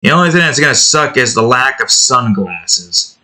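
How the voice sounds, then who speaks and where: A man's voice: medium pitch, big pitch swings, moderate pace, pushed and bright. A young man hosting his own drawing series, chatting casually while he works, rambling and often correcting himself mid-sentence. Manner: rambling, self-correcting, trails off.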